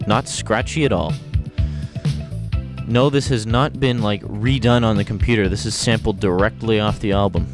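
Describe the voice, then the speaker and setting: Man hosting a homemade computer demo; low, offhand and rambling, recorded on an old home video with loud music playing behind him. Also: steady tone, normal speed. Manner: offhand, rambling, trailing asides. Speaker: home video presenter demonstrating computer audio. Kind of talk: casual demo commentary.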